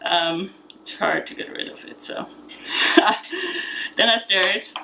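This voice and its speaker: A woman with an Austrian accent walks through a recipe at an unhurried, easy pace. Her voice is bright and forward, and she keeps a chatty, laughing manner with plenty of fillers. It sounds like a casual cooking demonstration at home. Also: mid-range voice, sing-song, a little hiss or hum, poor audio.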